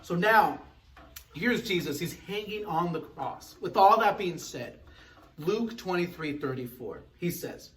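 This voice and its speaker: A male pastor giving an earnest devotional sermon, quoting scripture slowly and often asking "right?". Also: on the high side, a bit bright, far from the mic, low-quality recording.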